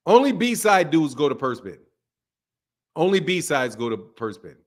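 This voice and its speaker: A man with a slightly high voice hosts a live stream, talking loosely and joking with his viewers. He laughs often and answers comments as they come in, in an easygoing, casual way. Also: big pitch swings, measured pace. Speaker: live-stream host reading chat.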